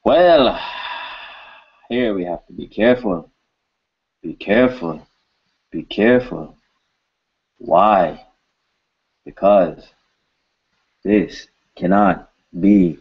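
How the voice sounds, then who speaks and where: Slow, deep-voiced male language teacher. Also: slightly rough, highs cut off. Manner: patient, repeats each word slowly several times. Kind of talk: pronunciation lesson.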